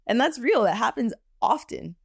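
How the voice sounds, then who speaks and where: A woman in her thirties, a tattoo artist, chatting casually on a podcast and telling stories in an animated way, often saying "like" and "okay?". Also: fairly high pitch, normal speed, creaky, breathy edge, no echo, clean studio sound. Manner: animated storyteller, frequent "like" and "okay?". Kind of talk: casual podcast chat, storytelling.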